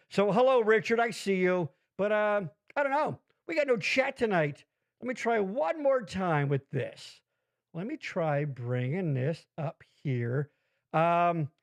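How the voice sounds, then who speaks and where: A man's voice: sits high, takes it slowly, dry recording, studio quality. A man hosting a live-streamed show, rambling and swearing in casual chat. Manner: rambling, swears freely, animated. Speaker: podcast host.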